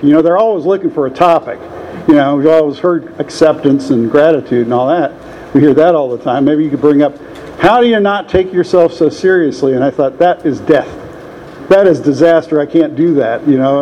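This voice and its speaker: A man's voice: fairly high pitch, dark tone, a little hiss or hum. An older man telling a rambling, self-deprecating personal story at a meeting, chuckling often. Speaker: meeting speaker. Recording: dull lo-fi room recording.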